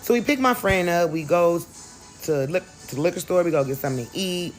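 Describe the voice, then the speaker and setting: A woman's voice: fairly low pitch, lively intonation, fairly quick, soft background music. A woman telling a storytime vlog in a chatty, emphatic way, talking straight to her viewers. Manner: chatty, emphatic, addresses the audience directly. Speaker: vlogger.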